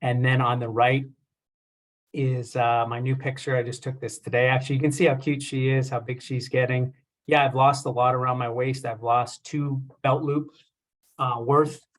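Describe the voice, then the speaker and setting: A man's voice: mid-range voice, level tone, moderate pace. A young man, a chiropractor, giving a casual talk and telling a self-deprecating story with lots of fillers. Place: presentation with slides.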